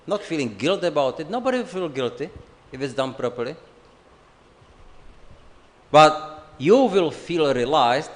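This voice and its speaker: A man giving an unhurried, joking scripture class, acting out bits of family dialogue. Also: fairly high pitch, animated. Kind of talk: sermon. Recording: long hall reverb.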